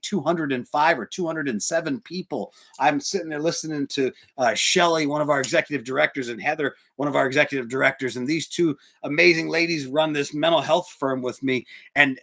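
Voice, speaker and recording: A man preaching a sermon in church, swinging from hushed, near-whispered lines to loud, emphatic ones. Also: mid-range voice. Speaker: pastor.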